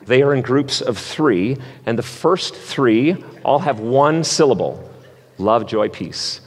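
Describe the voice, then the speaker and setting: Man, pastor, sermon, playful and energetic, long reverb of a church hall. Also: mid-range voice. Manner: playful, energetic game-show hosting. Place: church sanctuary.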